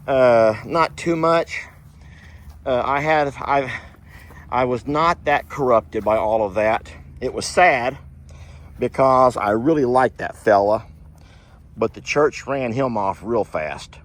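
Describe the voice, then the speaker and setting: A man's voice: mid-range voice, slow pace. A man, telling folksy stories in a rambling, chuckling way while working outdoors at his horse barn. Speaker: ranch vlogger. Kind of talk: casual storytelling while doing chores.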